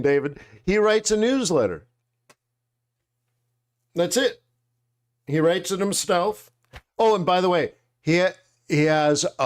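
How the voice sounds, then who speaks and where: A man hosting a live trading webinar, chatting casually in slangy, animated storytelling that acts out quotes. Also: on the high side. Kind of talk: casual chat.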